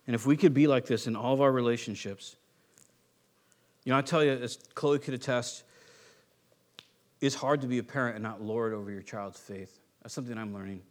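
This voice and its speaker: A pastor preaching a sermon with animated delivery. He acts out quoted voices and swings between loud outbursts and hushed asides. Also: medium pitch.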